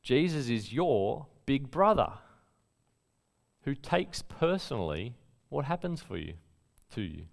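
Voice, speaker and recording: Gravelly and slow, with frequent pauses, a medium-pitched pastor preaches as if in conversation. He brings his stories to life and punches up the quotes he shares.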